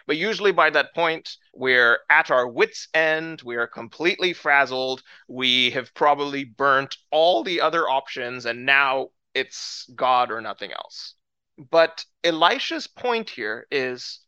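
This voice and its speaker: Bright, animated male preacher. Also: a little high, unhurried, clean tone, dry recording, highs cut off. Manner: animated, excited storyteller acting out characters. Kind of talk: sermon storytelling.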